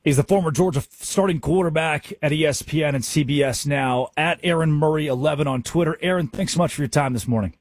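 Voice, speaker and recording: A man hosting a sports talk radio show, delivering an energetic, emphatic and often sarcastic monologue from a studio. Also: a little high, fast, hardly any pauses, husky, no room sound.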